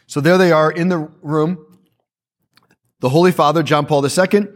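A male priest speaking to a church audience, telling stories in a lively way with quick asides. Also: on the high side.

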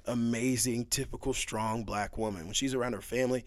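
A young man on a podcast, telling stories in a casual, animated way, laughing often and leaning on fillers. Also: mid-range voice, brisk, no echo. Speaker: podcast guest. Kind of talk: casual storytelling chat.

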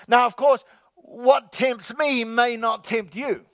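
High-voiced jokey male pastor. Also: fairly even intonation, a bit bright. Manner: jokey, repeats key lines slowly, calls out "come on, somebody". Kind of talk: sermon. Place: church sanctuary with congregation.

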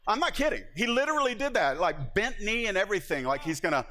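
A middle-aged man preaching a sermon as pastor, telling stories in an animated way with laughs and acted-out asides. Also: high voice, fast talker, a little hiss or hum. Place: church sanctuary. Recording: hall reverb from a church.

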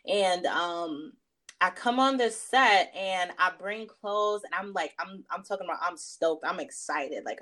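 A woman fashion stylist, a guest in a casual interview, telling a story in an animated way, acting out quotes with many fillers. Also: mid-range voice, unhurried. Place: New York area.

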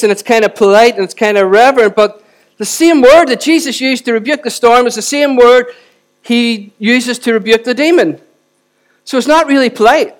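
A middle-aged man preaching a sermon and leading prayer, animated, with joking asides and rising emphasis. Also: very high-pitched. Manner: animated, self-deprecating asides, builds to forceful emphasis. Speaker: pastor.

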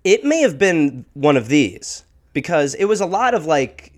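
Animated, playful man chatting. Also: a little high, measured pace. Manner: playful, riffs with put-on voices and laughter. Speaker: podcast guest. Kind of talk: casual comedic chat.

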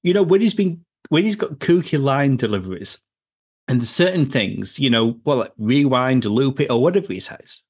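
A man's voice: medium pitch, expressive, normal speed, slightly rough. Man rambling through a film review. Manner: rambling, laughs often, lists cast members. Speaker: podcast co-host. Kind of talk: casual film review chat.

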